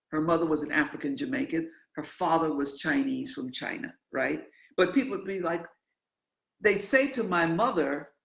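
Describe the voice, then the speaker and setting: An interview host from New York speaks with animated emphasis. Words are repeated for effect, and the voice sits in the middle of its range. The sound is roomy and echoey. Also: mid-range voice. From New York, USA. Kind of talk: interview, conversational.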